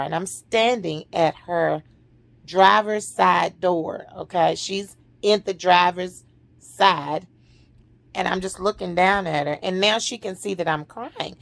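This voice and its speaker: Slow, gravelly woman storyteller. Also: mid-range voice, no echo. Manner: slow, dramatic, drops to a hushed near-whisper at emotional points. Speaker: vlogger telling a personal story. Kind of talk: emotional personal storytelling.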